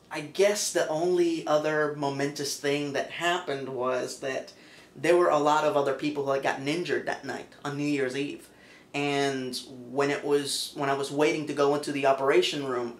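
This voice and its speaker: A man's voice: fairly high pitch, a bit bright. A man telling a personal story to camera in a casual, emphatic way with many fillers. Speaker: vlogger. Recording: echoey room.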